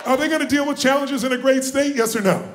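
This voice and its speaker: Man motivational speaker, high-pitched, booming, calls for crowd responses; live room, faint hiss. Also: fast talker, reverberant. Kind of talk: live motivational seminar talk. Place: large conference room with audience.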